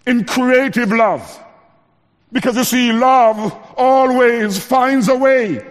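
A man preaching a sermon, rising to emphatic lines and dropping to quiet ones, slowing to stress key words. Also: in a large hall. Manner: preaching with wide swings between raised emphatic lines and low quiet ones; slows down to stress key phrases.

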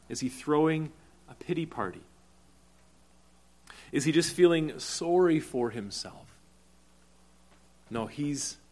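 A male preacher delivering a sermon at an unhurried, deliberate pace. His voice sits at an ordinary middle pitch, and he leans hard on key words for emphasis. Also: a little mellow. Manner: deliberate, slowing for emphasis, rising to urgent cries. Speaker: pastor.

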